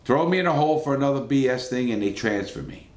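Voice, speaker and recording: A man talks straight to the camera in a lively, up-and-down voice, swearing freely and firing rhetorical questions as he tells his story. The room gives his voice a noticeable echo. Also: mid-range voice, quick pace. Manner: blunt and profane, with rhetorical questions and acted-out exclamations. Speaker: former prisoner telling his story. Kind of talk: casual first-person storytelling to camera.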